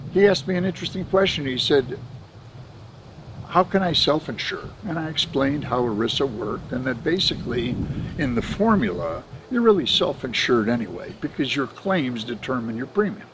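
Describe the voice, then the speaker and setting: An older man recalls his early years in the benefits business in a relaxed, anecdotal way, slipping into the voices of people he met. His voice sits at an ordinary middle pitch. A faint hiss of background noise runs under the recording. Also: poor audio. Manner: anecdotal, chuckles often, quotes others in dialogue. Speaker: benefits administrator telling his career story. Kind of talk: casual storytelling interview.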